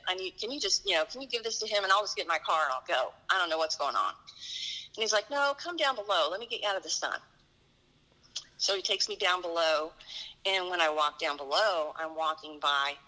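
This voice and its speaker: A middle-aged woman with a lowish, sharp voice earnestly recounts a personal story as a guest, vividly acting out the dialogue with quoted lines. The recording is rough.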